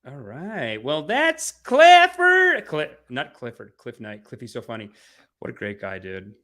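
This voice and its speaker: An animated man hosting a comedy livestream, talking in loose, slangy rambles and laughing often. His pitch swings widely and his tone is bright and forceful. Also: unhurried. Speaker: podcast host. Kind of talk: casual comedy livestream chat.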